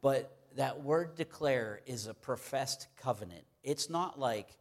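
A man's voice: mid-range voice, slow, hardly any pauses. A man preaching a sermon in an earnest, emphatic manner, repeating key phrases to drive them home.

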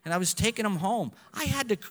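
A man, a pastor, preaching a sermon with animated delivery, swinging between loud and hushed passages. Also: high voice, fast, big-room sound.

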